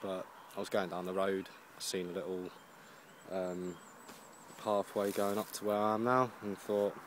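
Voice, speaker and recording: Tired man rambling outdoors, low voice. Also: little pitch movement, normal speed. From Jersey. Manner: rambling storytelling, lots of "and I was like". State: tired after a long ride. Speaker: touring cyclist vlogger. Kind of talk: casual spoken video diary. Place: outdoors at a roadside camp. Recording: noisy outdoor camera recording.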